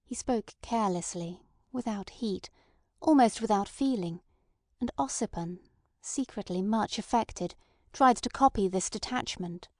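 A woman narrating a classic novel in a measured literary reading. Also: mid-range voice, a little mellow, no echo, clean studio sound. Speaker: audiobook narrator. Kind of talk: scripted narration.

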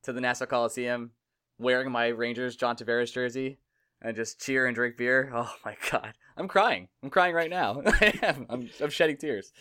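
A man's voice: mid-range voice, moderate pace, clear, resonant tone. A man co-hosting a sports podcast, joking around and laughing often. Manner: jokey, animated, laughs often. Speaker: podcast co-host. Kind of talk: casual sports chat.

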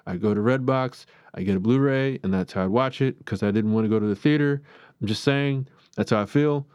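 A man's voice: medium pitch, fairly quick, darkish tone, clear, resonant tone, no room sound. Male podcast host, chatty and opinionated, dry close-miked recording. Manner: chatty and rambling, self-described as opinionated. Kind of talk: casual film review monologue.

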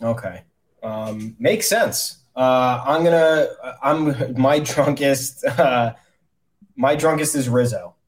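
A man's voice: mid-range voice, slow pace, rough recording. A man co-hosting a sports podcast in loose, joking casual chat, with frequent fillers and restarts.

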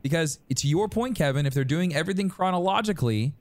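A man's voice: a little high, fast talker, no echo. Rambling man, dry close sound. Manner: rambling, animated, many restarts and fillers. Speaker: podcast co-host. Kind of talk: casual chat.

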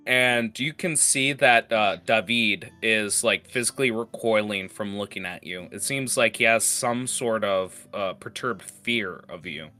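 A man's voice: fairly low pitch, a little slow, few pauses, sharp tone, soft background music. A man narrating a tabletop game as game master, in a casual way with many filler words.

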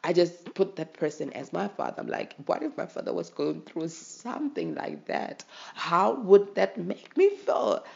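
A South African host talks straight to listeners in a casual podcast monologue, emotional and pressing. The voice carries heavy vocal fry. The recording sounds dull and lo-fi. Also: medium pitch, big pitch swings, a little slow, hardly any pauses, a little mellow. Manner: emotional and impassioned, urging listeners.

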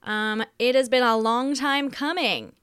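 An Australian woman, whose accent drifts between Australian and American, hosts a rambling, dramatic, self-mocking podcast monologue from home. Her fairly high voice is unhurried, a bit bright, and clean. The studio-microphone recording is studio quality, with no room sound.

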